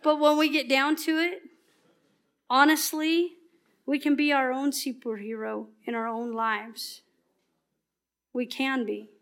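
A woman giving a passionate, emphatic sermon at church that often turns soft and earnest. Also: sits high, fairly even intonation, slow pace, long pauses. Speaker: church speaker.

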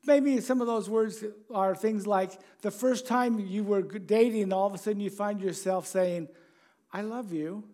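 A man's voice: high voice, fairly even intonation, moderate pace, hardly any pauses, darkish tone. A man preaching a sermon in a conversational way, chuckling and asking the congregation questions.

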